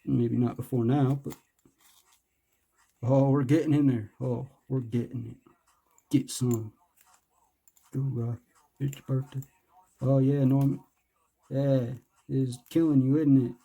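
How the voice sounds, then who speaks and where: A man's voice: medium pitch, little pitch movement, slow, vocal fry, long pauses, warm tone, husky. A man doing casual, rambling unboxing commentary, joking, hyping himself up and cursing. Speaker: vlogger.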